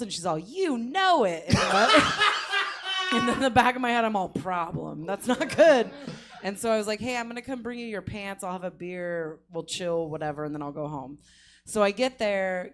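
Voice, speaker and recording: A woman's voice: lowish voice, a little hiss or hum. Laughing woman telling a wild story. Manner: laughs often while telling, animated voices for quotes. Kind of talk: casual comedic storytelling. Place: comedy theater stage.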